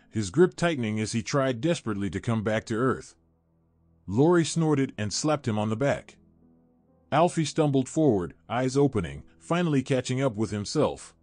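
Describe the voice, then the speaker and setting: A man narrating a horror story in a steady, measured way, his voice at an ordinary middle pitch. Soft background music plays faintly beneath the narration. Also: no echo. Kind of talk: scripted narration.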